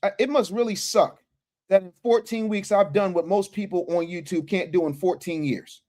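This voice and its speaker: A man's voice: high-pitched, moderate pace, darkish tone. A man hosting a casual livestream, talking to his chat in slang and reading out super chats from his office. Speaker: livestream host.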